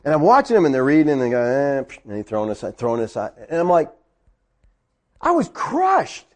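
A middle-aged man, a pastor, telling a personal story in a sermon and rising high when he gets excited. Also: racing.

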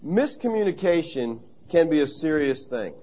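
A man's voice: on the high side, very animated, moderate pace, dark tone, muffled recording. A man preaching a sermon in a conversational, story-telling way, stressing key phrases by repeating them. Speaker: pastor.

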